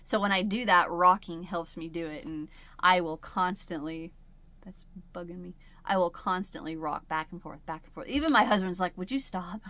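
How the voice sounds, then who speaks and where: A woman's voice: lowish voice, normal speed, a bit bright, dry recording. A woman hosting a home crochet video, talking casually and rambling, with frequent laughs, while sitting in a chair at home. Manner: chatty and rambling, laughs often. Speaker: crochet channel host. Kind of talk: casual chat.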